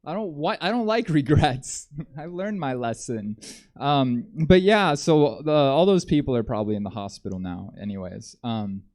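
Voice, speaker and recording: A man doing a stand-up comedy set on a theater stage, rambling in a deadpan way with frequent ums. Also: mid-range voice, moderate pace.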